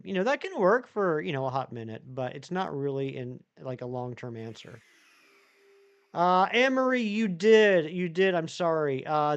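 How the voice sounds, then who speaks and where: A man chatting on a live stream. His voice sits a bit high and sounds smooth and clear. He rambles and answers viewers one by one. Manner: rambling, chatty, reads chat aloud and answers it. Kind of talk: casual live-stream chat.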